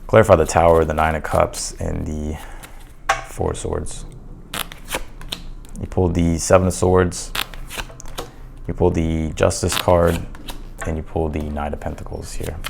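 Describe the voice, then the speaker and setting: A man giving a casual tarot reading to his viewers, loose and chatty, full of fillers and restarts, a little hoarse as he says he is losing his voice. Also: a bass voice, little pitch movement, measured pace, pauses often, background noise. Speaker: tarot reader.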